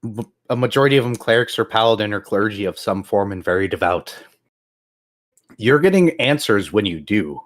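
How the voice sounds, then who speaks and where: Lively-voiced man running a tabletop game. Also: on the low side, normal speed. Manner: relaxed, chuckling, talks while eating. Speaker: game master.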